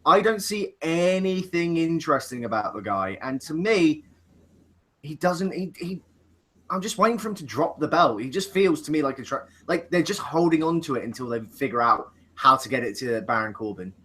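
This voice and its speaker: A man's voice: on the high side, animated, normal speed, bright, forceful tone. A man co-hosting a casual chat, opinionated and joking, often restarting his sentences. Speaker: podcast co-host.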